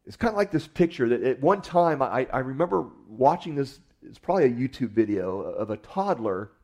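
A man's voice: medium pitch, sing-song, fairly quick, darkish tone, dull audio. A man preaching a sermon in an earnest, conversational way, often restarting his words as he goes. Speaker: pastor.

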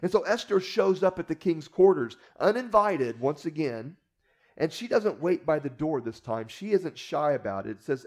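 A male preacher with a somewhat high but mellow, warm voice. He teaches in a relaxed storytelling way and keeps turning to the listeners with rhetorical asides. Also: moderate pace. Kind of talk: conversational Bible teaching.

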